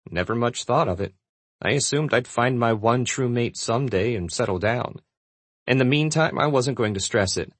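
A man narrating a first-person audiobook in a steady, relaxed storytelling manner. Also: medium pitch, moderate pace, slightly rough, no room sound.

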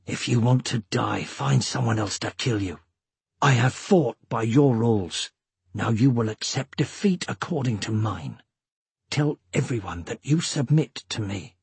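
A man voicing a tough, determined young male leader in a storybook reading, with a low growling tone. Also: normal speed, a little mellow, slightly rough, no echo. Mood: stern low.

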